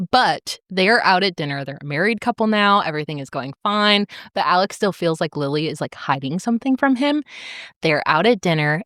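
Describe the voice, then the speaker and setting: Young woman podcast co-host, very animated pitch, dry close sound, acts out characters' lines with laughs. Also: no room sound. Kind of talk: casual chat recapping a novel.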